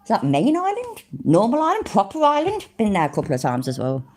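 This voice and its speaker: A woman's voice: medium pitch, huge pitch swings, brisk, a little mellow. A woman from Middle England, chatting casually on a live stream, easily amused and laughing often. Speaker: streamer reacting to videos and chat.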